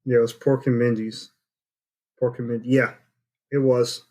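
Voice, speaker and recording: A man co-hosting a podcast from home, with a voice of middle pitch. His remarks are short and dry, and he teases his co-host in easy banter. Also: level tone, normal speed, warm tone. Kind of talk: casual podcast chat.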